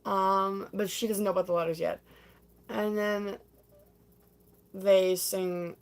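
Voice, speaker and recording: A woman's voice: medium pitch, flat delivery, slow, clear, resonant tone. A young woman livestreaming, casually chatting and acting out scenes from a stage musical, breaking into sung snippets.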